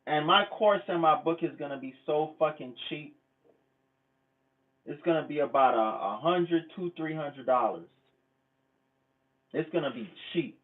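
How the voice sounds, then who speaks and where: A man's voice: fairly high pitch, a little slow, pauses often. A man hosting his own channel, talking in a blunt, profane, repetitive vlog rant. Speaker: channel host. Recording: phone-like lo-fi sound.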